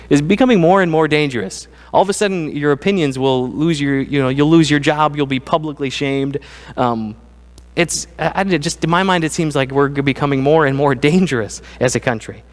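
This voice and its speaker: Middle-aged male pastor, slightly high voice, casual animated preaching, reverberant church sound. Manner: conversational, animated, acts out quoted voices. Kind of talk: sermon. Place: church sanctuary. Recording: church sanctuary with long reverb.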